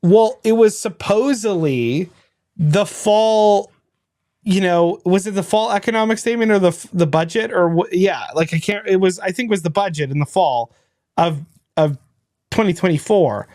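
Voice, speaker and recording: A man's voice: high voice, normal speed, a little mellow, dry recording, clean studio sound. A man from Western Canada, co-hosting a political podcast and laughing often. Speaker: podcast co-host. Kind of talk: casual political banter.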